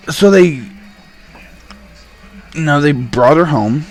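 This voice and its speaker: A young man in full rant mode, telling his story with angry, animated energy and a steady stream of swearing. His voice sits at an ordinary middle pitch for a man, and he talks straight to the camera like a vlogger venting. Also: a little slow, faint music behind.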